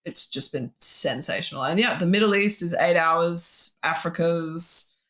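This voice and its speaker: A woman's voice: on the low side, unhurried, fairly bright tone. A woman with an Australian accent, a historian guest in a podcast interview, talking with witty, dry humor. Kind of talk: casual interview chat.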